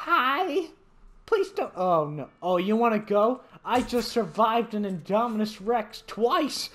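Male gamer commentator, unhurried speech, easily startled, shrieks at jump scares, faint game music behind. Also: high-pitched. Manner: jumpy, yelps and shrieks when startled, talks to the dinosaurs. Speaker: gaming commentator. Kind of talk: let's play commentary.

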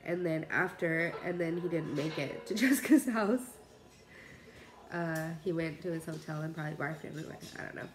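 A woman's voice: low-pitched, moderate pace, soft background music. A young pregnant woman chatting casually to her camera while cooking in her home kitchen, rambling and laughing often. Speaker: cooking vlogger.

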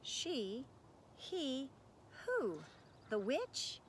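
A brave, kind storybook girl, earnest and firm, her questions pitched up high and bright, as a woman reader puts her on. Faint hiss sits under the reading. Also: big pitch swings, extremely slow, exaggerated voice. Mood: puzzled.

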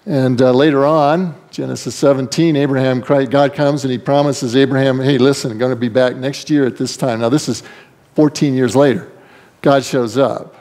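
A man delivers a sermon as pastor, in a lively storytelling manner. He acts out the characters he describes, and his voice leaps up in pitch for them. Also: normal speed. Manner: animated storytelling, acting out voices with big pitch swings.

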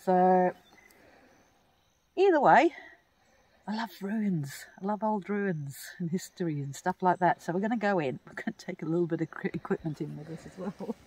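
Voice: medium pitch, animated, moderate pace, a little mellow, husky. An Australian speaker chatting casually outdoors, guiding a look around old ruins in a rambling way with restarts and chuckles. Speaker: paranormal investigator guide. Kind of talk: casual on-site chat.

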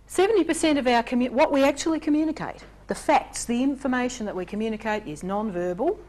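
A woman presenting a relationships workshop in an animated way, acting out examples in character voices. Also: on the high side, fast. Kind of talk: lecture on relationships.

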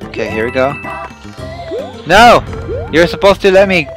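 A young-sounding man with a slightly high voice commentates his platform game run, flipping between quiet muttering and loud outbursts of curses. Faint game music plays underneath. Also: a little slow. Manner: excitable, swearing, yelling at the game. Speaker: let's play host. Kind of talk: gameplay commentary.

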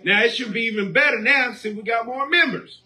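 High-voiced preacher man shouting sermon. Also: brisk, a crowd in the background. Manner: preaching call-and-response, rising to shouts.

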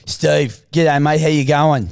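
A man's voice: on the high side, level tone, slow pace, dry recording, clean studio sound. A man voicing an aggrieved Australian bloke on a prank phone call, matey and full of swearing. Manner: gravelly, matey, swearing complaint. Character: blunt aggrieved bloke, middle-aged man.

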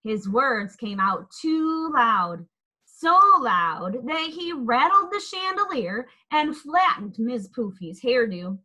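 A woman reading a children's picture book aloud in an expressive, lilting storytelling manner. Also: fairly high pitch, slow pace, low-quality recording.

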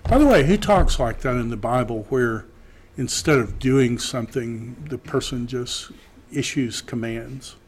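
A man teaching a Greek class, slowly reading Greek aloud and then translating it. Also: mid-range voice, a little hiss or hum. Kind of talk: classroom lecture.

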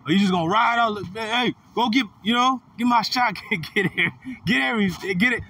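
Man, bible study leader, animated slangy teaching, bright voice, distant mic. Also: high-pitched, a little fast. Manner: animated, laughing, slangy asides. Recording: distant mic with light noise.

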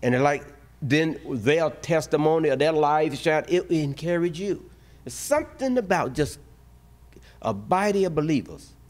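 A man preaching from the pulpit with a voice that sits on the higher side. He speaks, animated and conversational. He breaks into short acted voices for emphasis. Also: normal speed. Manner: animated preaching with playful voiced asides and laughs. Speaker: pastor. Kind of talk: sermon.

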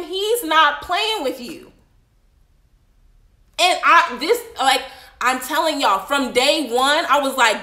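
A woman teaching a casual Bible study on a livestream, preaching in a chatty, animated way with frequent asides. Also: sits high, a little slow, reverberant.

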